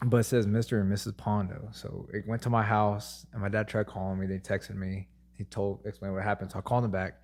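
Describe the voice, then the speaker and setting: A man's voice: on the low side, level tone, a little fast, hardly any pauses, a little mellow. Young man rambling through a story. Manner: rambling storyteller, acts out quotes. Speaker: podcast co-host. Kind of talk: casual chat.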